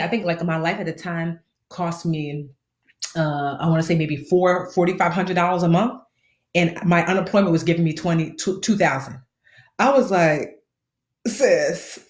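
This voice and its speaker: In a roomy-sounding space, a woman in her thirties with a low-leaning voice and a slight lisp gives money advice on a casual live stream. As a personal finance host she's animated, playful and slangy, acting out quoted voices.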